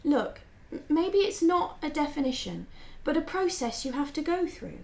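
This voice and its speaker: A woman's voice: sits high, big pitch swings, moderate pace, creaky, a little mellow, heavily acted. A woman playing a teasing, playful voice inside a man's head. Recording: roomy echo.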